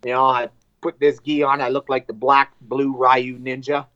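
A man, a fighter, telling a fight story in casual chat, animated and profane, acting out what people said. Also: mid-range voice, moderate pace, no room sound, highs cut off. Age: adult with wife and two kids. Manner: animated, profane, acts out quotes.

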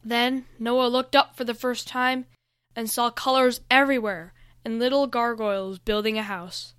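A woman reads a fantasy story aloud in a bright, smooth voice that sits a little high. The delivery is steady and even. The recording is close and dry. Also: normal speed, no room sound. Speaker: reader.

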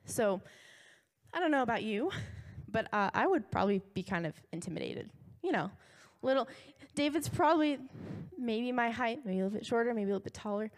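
A young woman preaching to a congregation, retelling a story in a casual, animated way full of asides and quick laughs. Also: on the high side.

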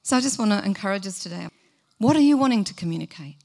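A woman's voice: mid-range voice, expressive, quick pace, dark tone. A middle-aged woman, giving a sermon in an earnest, conversational way and asking the listeners questions. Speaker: preacher.

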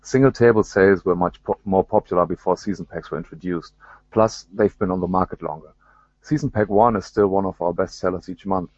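A low, measured pinball company executive voiced by a man with a put-on American accent, working through fan questions in a businesslike manner. The sound is dry and a little dull. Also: darkish tone. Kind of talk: reading written answers aloud.

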